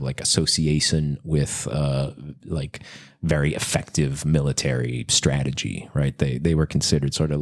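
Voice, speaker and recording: A deep-voiced man co-hosts a podcast, rambling through a story in casual chat. He uses many fillers and restarts along the way.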